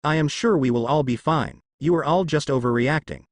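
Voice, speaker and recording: A man's voice: on the high side, fairly quick, dry recording, close to an everyday voice. A man voicing a reassuring male spirit with a horse body and dolphin head. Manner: reassuring, soothing.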